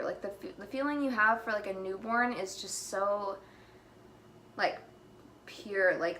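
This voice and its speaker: A woman's voice: medium pitch, fairly bright tone, slight background noise. Chatty young woman, breathless vlog. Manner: chatty, many fillers like "like" and "you know". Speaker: vlogger. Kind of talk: casual rambling vlog.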